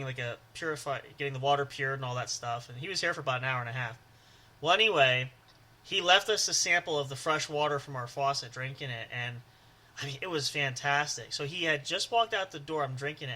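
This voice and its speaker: A man's voice: medium pitch, sharp tone. A man co-hosting a casual podcast chat who laughs often and breaks into stammering movie impressions. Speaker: podcast co-host.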